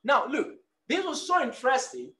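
High, bright-voiced preacher. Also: male voice, animated, normal speed. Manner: preaching with call-and-response questions. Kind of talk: sermon.

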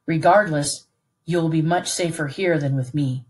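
A woman's voice: sits low, a little slow, a little mellow. A woman reading aloud who voices a protective middle-aged father, talking earnestly and reassuringly to his son. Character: protective British plantation father, middle-aged man, steady. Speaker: read-aloud narrator voicing a character.

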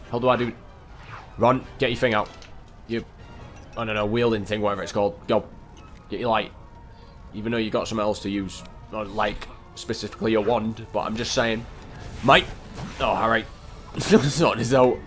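A young man giving rambling, excitable commentary while playing a video game and talking to the characters on screen. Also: on the low side. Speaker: gameplay commentator. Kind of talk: casual let's-play commentary.

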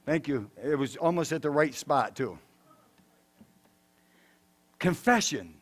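High-voiced pastor preaching with rising fervor. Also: male voice, expressive, takes it slowly. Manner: emphatic preaching, swinging between loud declarations and soft asides. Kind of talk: sermon. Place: church sanctuary.

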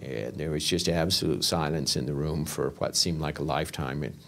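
A man's voice: extremely low pitch, fairly even intonation, fairly quick, vocal fry, a bit bright. A man who worked as a police investigator, telling his story in an interview in a plain-spoken way and often retelling what was said. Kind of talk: interview recollection. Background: documentary music.

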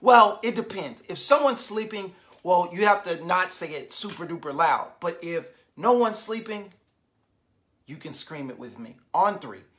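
A woman's voice: on the low side, animated, measured pace, fairly bright tone. A woman reading a picture book aloud to young children, stopping often to ask them questions and invite them to join in. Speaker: children's story reader.

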